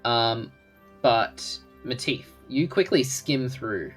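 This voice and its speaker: Animated man running a tabletop game. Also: medium pitch, slow pace, soft background music. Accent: Australian. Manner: relaxed, full of ums and uhs. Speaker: game master.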